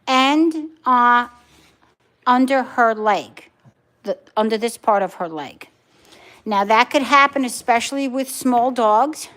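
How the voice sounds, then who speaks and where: A woman's voice: a little high, fairly bright tone. A woman hosting a casual live stream from her phone at home, chatting with viewers and her dogs, firm when she answers comments. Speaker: livestream host.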